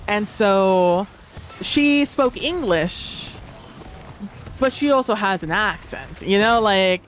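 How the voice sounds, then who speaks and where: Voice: medium pitch, animated, takes it slowly, fairly bright tone, a little hiss or hum. A tabletop role-play player reflecting casually on a livestream, rambling with many fillers and frequent laughter.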